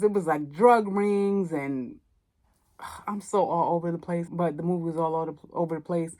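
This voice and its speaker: A woman hosting a movie podcast, casually retelling a film's plot and acting out the characters' lines with lively commentary. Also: sits low. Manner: animated storytelling, acts out characters' lines. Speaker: podcast host. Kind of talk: casual movie review monologue.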